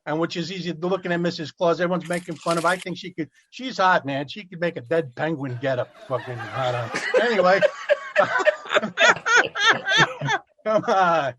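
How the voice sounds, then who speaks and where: A man's voice: on the high side, normal speed, long pauses. A man roasting in a crude, brash, profane stand-up style, breaking into mock carol snippets. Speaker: roast comedian. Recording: noisy podcast recording.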